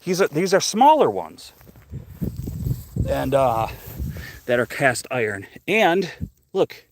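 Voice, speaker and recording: A man's voice: medium pitch, big pitch swings, slow pace. A middle-aged man hosting a casual live stream while walking outdoors through a cemetery, slightly out of breath, rambling and curious as he chats with viewers.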